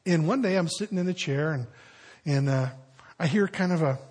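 A man's voice: a little high, normal speed, darkish tone, slightly rough. An older man, a pastor, preaching a sermon to his congregation with folksy storytelling and conversational asides.

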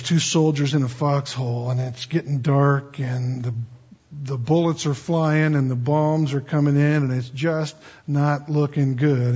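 Husky, folksy man preaching a sermon. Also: a little high, a little mellow, highs cut off. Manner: folksy, stammering restarts, acts out quoted pleas. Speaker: pastor. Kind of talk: conversational sermon.

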